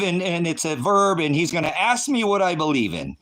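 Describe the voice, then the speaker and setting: An American man running a ministry live stream, delivering a profane, combative rant at his chat, swinging between low mutters and loud outbursts. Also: sing-song, a little fast.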